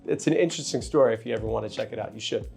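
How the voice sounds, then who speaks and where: Racing along in a gravelly, darkish, medium-pitched voice, a man who trades and hosts his own finance channel gives casual market commentary to camera. Soft music plays behind him as he throws in candid, joking asides to viewers.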